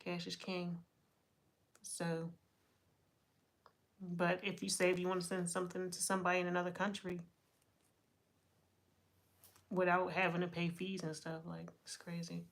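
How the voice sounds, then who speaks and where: A woman's voice: fairly low pitch, monotone, normal speed, long pauses. A woman hosting a casual live stream, chatting with her viewers and reading their comments, often laughing. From United States. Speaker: livestream host.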